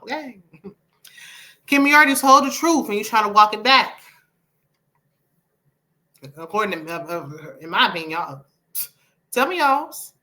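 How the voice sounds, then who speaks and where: Sassy bright-voiced woman. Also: mid-range voice, expressive, moderate pace, long pauses. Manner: sassy, opinionated, talks back at the screen. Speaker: reality show reviewer. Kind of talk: casual commentary.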